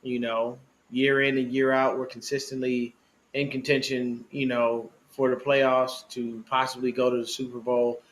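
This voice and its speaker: A man co-hosting a casual sports podcast, chatting in an animated, slangy way and laughing often. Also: mid-range voice, normal speed. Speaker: podcast co-host.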